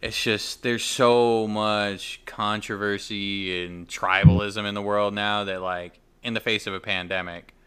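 A man's voice: on the low side, fairly even intonation, measured pace, hardly any pauses, a bit bright, smooth. Blunt, swearing man on a podcast. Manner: blunt, swears a lot, laughs often. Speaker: podcast host. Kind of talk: casual chat.

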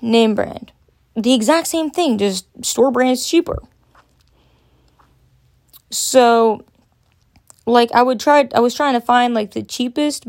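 A woman's voice: a little high, a little mellow. A young woman telling a casual, rambling story, full of "like" and loose swearing. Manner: rambling, filler-heavy, frequent "like". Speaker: podcast host.

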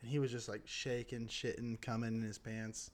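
A man's voice: medium pitch, little pitch movement, moderate pace. A young man co-hosting a comedy podcast, telling crude rambling stories. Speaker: podcast co-host.

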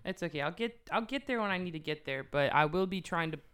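A woman co-hosting a podcast in casual chat, swearing freely and telling animated stories. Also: lowish voice, quick pace. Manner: loose, profane, animated storytelling. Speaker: podcast co-host. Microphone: podcast mic.

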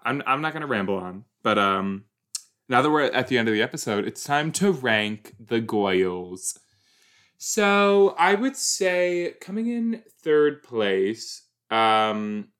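A man talks through a show in a loose, unhurried reaction commentary. His delivery is chatty and rambling, full of restarts and filler. He keeps slipping in teasing, wry jokes. His pitch sits in the middle for a man. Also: a bit bright. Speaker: podcast host reacting to a teen TV series.

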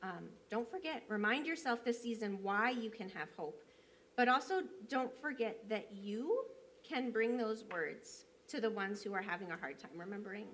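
A woman's voice: mid-range voice, lively intonation, moderate pace, a bit bright, a little hiss or hum. A woman church elder, preaching a sermon by telling a personal story in a conversational way, with frequent fillers.

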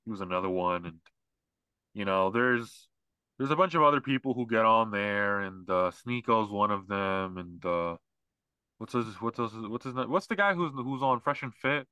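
Male podcast co-host, bright forceful voice, dry close mic, rambling mocking delivery. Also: on the low side, animated, normal speed, clear, resonant tone, dry recording, dull audio. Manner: rambling, mocking, mimics others in put-on voices. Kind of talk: casual podcast chat.

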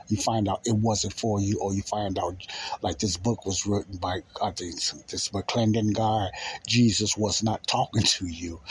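A man's voice: fairly low pitch, slight background noise, low-quality recording. A man preaching in a conversational style, repeating key phrases and pressing his listeners with rhetorical questions. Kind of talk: informal preaching.

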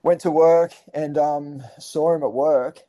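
Male guest, warm low-key tone, casual storyteller full of fillers. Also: steady tone, slow, no echo, rough recording. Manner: rambling, swears casually, many fillers and restarts. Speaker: podcast guest.

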